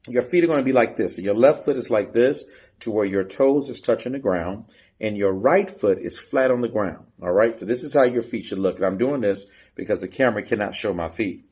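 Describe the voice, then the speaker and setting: A man's voice: on the low side, a little mellow. A man coaching a step team in an instructional video, counting and chanting the beat while he demonstrates. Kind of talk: instructional video teaching drills.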